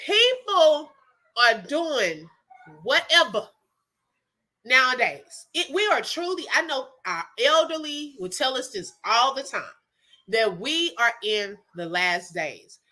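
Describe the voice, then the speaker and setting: A woman chats with her viewers as she tells a story, her voice high and sweeping up and down. She sounds bright and animated, breaking into laughs easily. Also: takes it slowly. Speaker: livestream host chatting with viewers. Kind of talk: casual storytelling chat.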